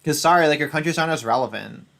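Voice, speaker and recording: An American man hosting a channel, chatting casually in a brash, sweary way with frequent laughs and halting restarts. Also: a little high, vocal fry, a bit bright. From United States. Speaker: channel host. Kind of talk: casual chat.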